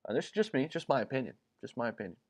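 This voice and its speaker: A man hosting a casual livestream, chatty and upbeat, filling pauses with ums and uhs as he talks to viewers. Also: mid-range voice, very animated, darkish tone. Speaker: crypto livestream host.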